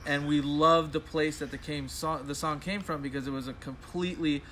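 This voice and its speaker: A man's voice: a little high, fairly even intonation, normal speed, fairly bright tone, a little hiss or hum. A man who is a studio musician and producer, talking in a laid-back, rambling way in a casual interview.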